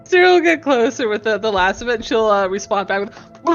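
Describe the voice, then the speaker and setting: A woman's voice: fairly high pitch, lively intonation, fast talker, soft background music. A woman playing a tabletop game, talking casually with a playful, teasing manner. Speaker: player.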